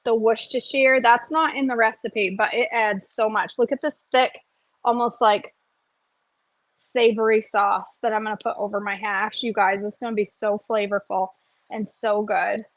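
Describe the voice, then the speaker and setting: A woman's voice: a little high, fairly even intonation, normal speed, no echo. A woman, chatting casually through a cooking vlog and often checking in with "okay?". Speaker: cooking vlogger.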